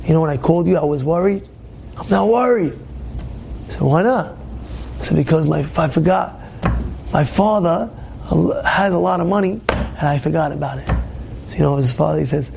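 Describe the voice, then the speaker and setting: A man preaching a Torah class in a high, gravelly voice. He repeats key phrases and breaks into shouts to drive a point home. Faint noise hums behind him. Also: expressive, brisk. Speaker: rabbi giving a Torah class. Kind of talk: spirited storytelling sermon. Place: classroom with students.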